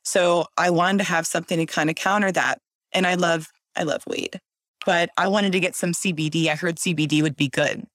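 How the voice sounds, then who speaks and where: Woman, guest, casual storytelling, animated, acts out voices, low voice, dry room. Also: a little fast, no echo.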